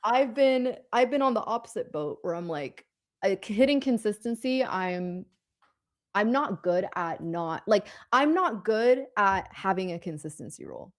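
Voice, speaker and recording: A woman's voice: medium pitch, lively intonation, moderate pace. A woman co-hosting a live trading stream, talking casually, rambling and restarting her sentences, laughing often. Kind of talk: casual chat.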